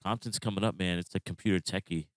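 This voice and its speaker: A middle-aged man telling stories in a casual chat, animated and slangy, swearing freely. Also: deep voice, fast talker, dry recording.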